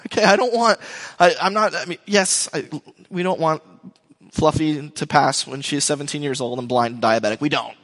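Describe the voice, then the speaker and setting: Middle-aged man, pastor, casual rambling sermon, slightly high voice, echoing hall. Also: moderate pace, fairly bright tone. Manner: conversational, rambling with restarts and asides. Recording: long hall reverb.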